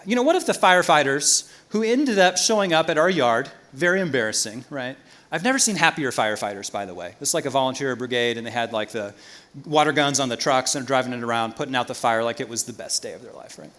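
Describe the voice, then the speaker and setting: A man preaching a sermon as pastor in a church, swinging from loud emphasis to quiet asides. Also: medium pitch, animated, fast talker.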